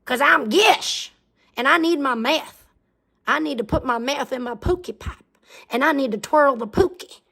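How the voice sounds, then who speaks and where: A crude, boastful backwoods hillbilly mother, as a woman puts her on in a mocking livestream impression. She brags in a loose, mocking drawl. The voice sits high with a gravelly fry running through it. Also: fairly quick.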